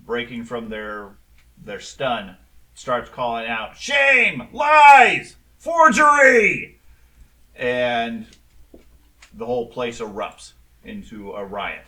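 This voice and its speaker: Guy running a tabletop game, bright voice, kinda far from the mic, lots of ums. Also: mid-range voice. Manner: relaxed storytelling with frequent ums. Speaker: game master.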